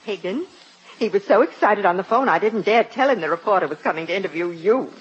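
Coaxing wife, breathy, lively sing-song, flustered, muffled old radio. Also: female voice, mid-range voice, fast. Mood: sweetly coaxing. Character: fussy, scheming middle-aged wife. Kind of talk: 1940s radio comedy acting.

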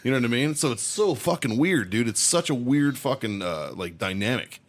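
Man, podcast co-host, excitable, profane, mid pitch, animated delivery. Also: moderate pace. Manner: profane, excitable, laughing storyteller. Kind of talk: crude casual storytelling.

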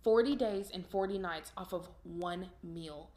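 A woman's voice: on the low side, unhurried, darkish tone. A woman co-hosting a faith podcast, casually retelling a scripture passage with frequent ums. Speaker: podcast co-host.

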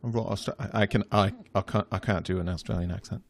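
A man co-hosting a podcast in relaxed, easygoing chat, often agreeing and laughing. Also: lowish voice, fast talker, dry recording, studio quality. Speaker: podcast co-host. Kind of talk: casual chat.

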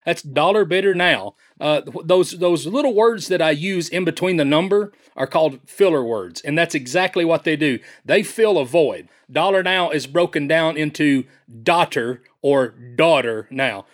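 Man, auctioneer, fast rhythmic chanting, friendly explaining, somewhat high voice. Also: lively intonation. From Tennessee. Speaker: champion auctioneer and teacher. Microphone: phone line.

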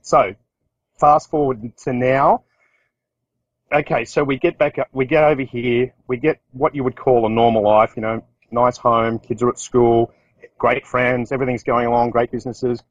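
A middle-aged man with an Australian accent tells business stories in a loose, rambling way, often restarting and acting out what people said. His voice sits at an ordinary pitch for a man. The recording is dry, with no room echo. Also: flat delivery, moderate pace, highs cut off. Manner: rambling anecdotes with restarts, acts out quotes. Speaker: business owner. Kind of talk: casual storytelling talk.

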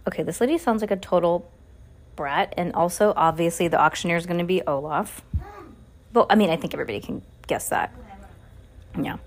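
A woman's voice: lowish voice, fairly quick, pauses often, slight background noise. A woman reading a children's novel aloud and breaking in with chatty, joking asides. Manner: chatty, joking commentary between passages. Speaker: reader.

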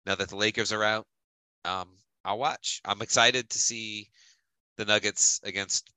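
Sharp-voiced man ranting bluntly. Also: lowish voice, steady tone, unhurried, clean tone, dry recording, rough recording. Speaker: podcast co-host. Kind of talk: casual chat.

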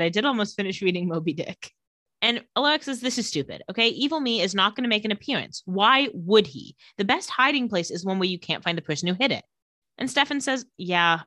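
A woman's voice: lowish voice, dry recording, clean studio sound. A woman co-hosting a casual podcast, retelling a TV episode and acting out the characters' lines. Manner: lively storytelling, acting out lines in quick voices. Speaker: podcast co-host recapping a TV episode. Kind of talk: casual chat.

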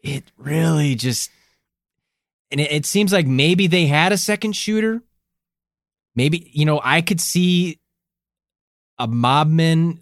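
A man's voice: mid-range voice, no echo, clean studio sound. A man co-hosting a casual podcast, handing out verdicts one by one and joking around. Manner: verdict-giving, joking, swears, laughs. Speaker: podcast co-host. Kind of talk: casual conspiracy podcast chat.

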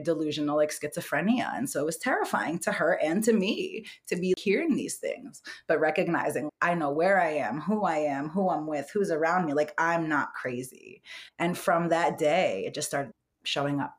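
Candid woman guest telling a personal story. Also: low voice. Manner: candid, animated, heavy use of "like" and "you know". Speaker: guest psychic medium.

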